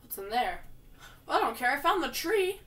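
A woman giving casual, jokey commentary while she plays a video game, with sudden loud outbursts. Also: sits high, very animated, normal speed, recorded from a distance. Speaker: gamer playing through a video game.

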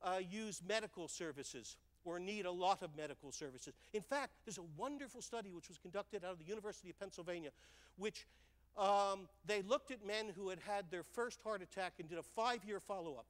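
Older man, storytelling on stage, keeps asking "right?", high pitch, long hall reverb. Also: a little fast. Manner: animated storytelling, checks in with "right?" and "okay?". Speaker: speaker. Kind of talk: stage talk.

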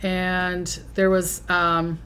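A woman's voice: fairly low pitch, monotone, extremely slow, bright, forceful tone, a little hiss or hum. Chatty middle-aged woman hosting. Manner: chatty, reads out donor names. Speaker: host. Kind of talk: casual livestream fundraising chat.

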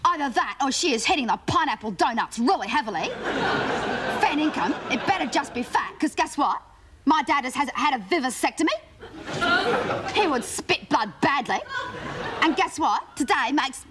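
A woman's voice: high-pitched, lively intonation, normal speed, over a noisy crowd. A woman with an Australian accent playing a whiny, gossipy suburban schoolgirl in a comedy sketch, with a sing-song, breathless way of talking. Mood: whiny gossiping. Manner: sing-song, breathless, exaggerated teen complaints. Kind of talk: sketch comedy monologue before live audience. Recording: loud audience laughter and noise. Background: audience laughing.

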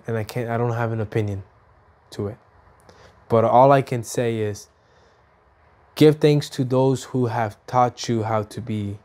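A man in his thirties from Mexico, chatting to camera, who tells stories with lively voices for his mom and himself and often repeats and restarts his words. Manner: animated storytelling, acts out his mom and himself with big jumps up in pitch. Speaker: vlogger. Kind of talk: casual chat to camera.

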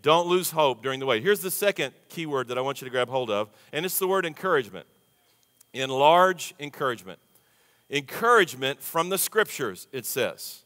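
Man, pastor, conversational sermon, bright voice, reverberant hall. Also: medium pitch, animated, moderate pace. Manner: folksy, conversational preaching with audience call-and-response. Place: large church sanctuary. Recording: long reverb of a big church hall.

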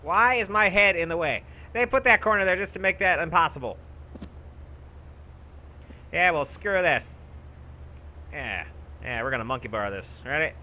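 A young man commentating his own gameplay, bragging goofily about being a genius and yelling for help in mock panic. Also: a little high, animated, normal speed, pauses often. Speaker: gaming YouTuber. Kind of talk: let's play commentary.

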